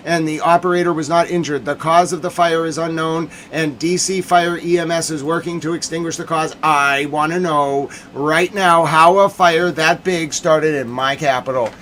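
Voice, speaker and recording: Indignant ranting man, higher voice. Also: fairly even intonation, moderate pace, hardly any pauses, fairly bright tone, a little hiss or hum. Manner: indignant, demanding rant. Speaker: news commentary host. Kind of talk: livestream news commentary.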